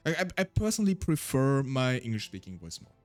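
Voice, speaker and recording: A man's voice: mid-range voice, sing-song, fairly quick, faint music behind. A man with a German accent, a native German speaker, chatting casually on a solo stream in a rambling, self-deprecating way.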